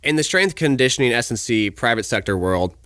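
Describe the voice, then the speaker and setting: A man guesting on a podcast, telling stories in a lively, animated way and acting out quoted lines with laughter. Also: mid-range voice, brisk, dry recording, clean studio sound. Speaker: podcast guest, strength coach. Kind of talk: casual podcast conversation.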